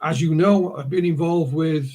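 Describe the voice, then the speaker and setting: A man's voice: a little high, fairly even intonation, normal speed, darkish tone, breathy edge. A man with a Yorkshire accent, a guest on a video call, telling stories in a rambling way with many restarts. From Yorkshire, England. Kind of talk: casual conversation, storytelling.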